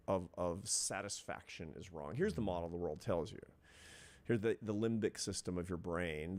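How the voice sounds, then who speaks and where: A middle-aged social scientist appears as an interview guest, telling a reflective story earnestly and step by step in a low voice.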